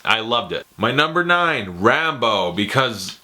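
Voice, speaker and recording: A young man giving casual, animated, profane commentary while ranking movies, often slipping into impressions. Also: medium pitch, quick pace, few pauses. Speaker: movie reviewer.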